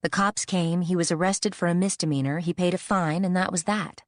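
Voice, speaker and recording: A woman's voice: lowish voice, fairly even intonation, brisk, dry recording, pitched above the performer's own voice, lightly acted. A woman voicing a blunt, loyal female friend, with a matter-of-fact, dry delivery.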